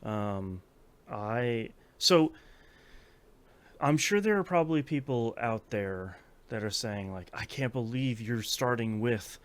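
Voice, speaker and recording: Guy in his 30s hosting a chatty podcast, middle pitch, lots of ums and restarts. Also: lively intonation, slow pace. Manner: rambling, many fillers and restarts. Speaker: podcast host. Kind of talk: casual chat.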